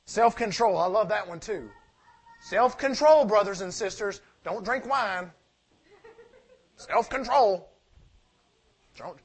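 A high-pitched male preacher delivering a sermon. He leans hard on his main points, then drops to soft, near-mumbled asides, and fires off rhetorical questions only to answer them himself. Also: lively intonation, slow, pauses often, slightly rough. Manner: swings from loud emphatic preaching to quiet asides.

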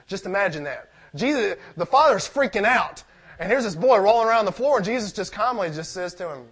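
A man's voice: sits high, animated, quick pace, a bit bright, slightly rough. A man preaching a sermon, reading scripture aloud and asking the congregation questions in a conversational way.

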